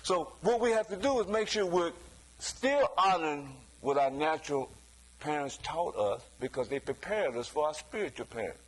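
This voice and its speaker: High-voiced man preaching, full of "you see?". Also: rough recording. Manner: conversational preaching with frequent rhetorical "you see?"; chuckles between points, acts out quoted voices. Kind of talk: sermon.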